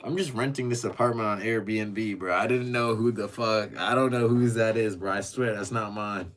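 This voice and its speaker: Streaming from a rented apartment, a young man reads chat messages aloud and reacts with casual banter full of swearing. His voice sits on the low side, with a steady tone and a moderate pace.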